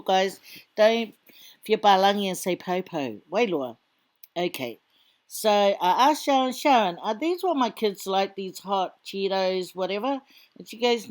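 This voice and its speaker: Woman, middle-aged, vlog voiceover, unhurried, playful, chatty. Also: mid-range voice, lively intonation. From Samoan community in Australia. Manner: chatty, playful, teasing asides. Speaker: vlogger, mother. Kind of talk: casual voiceover narration of shopping footage. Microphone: voiceover mic.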